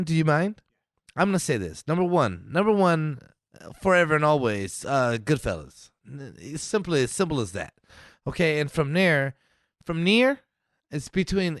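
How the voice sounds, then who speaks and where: A man co-hosting a casual podcast, talking in a lively way, swearing and laughing often. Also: fairly high pitch, dry recording, studio quality. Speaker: podcast co-host.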